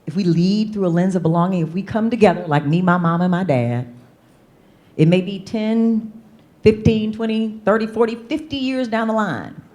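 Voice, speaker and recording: A woman speaker and coach giving a lively motivational keynote from a conference stage, leading the audience in call-and-response. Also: medium pitch, normal speed, lo-fi sound.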